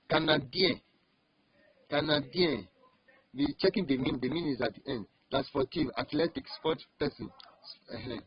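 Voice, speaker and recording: Husky man teaching slowly with repetition. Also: mid-range voice. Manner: slow, repeats each word several times. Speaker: French teacher. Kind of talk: online language lesson. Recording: dull lo-fi recording.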